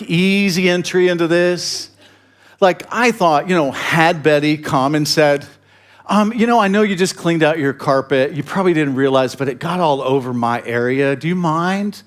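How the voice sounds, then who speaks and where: A male pastor preaching in a relaxed, humorous way, telling a self-mocking story with chuckling asides. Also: on the high side. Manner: conversational, with fillers and restarts. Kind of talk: sermon storytelling.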